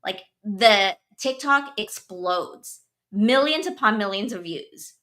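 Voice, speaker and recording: Her medium-pitched voice is fairly bright and expressive, and she takes her time as a young woman telling a story on her podcast. The chat is casual, sprinkled with "like," "blah, blah," and plenty of filler.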